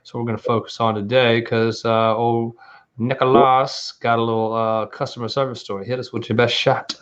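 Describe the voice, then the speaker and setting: Casting note: easygoing male podcast co-host, mid-pitched, bantering, slightly dull lo-fi recording. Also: little pitch movement, normal speed. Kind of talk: casual chat.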